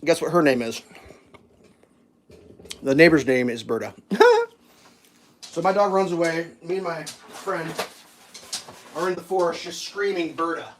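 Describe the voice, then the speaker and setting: A man's voice: a little high, a little slow, pauses often, noisy background. A man chatting casually while cooking breakfast at home, rambling through stories and laughing at them.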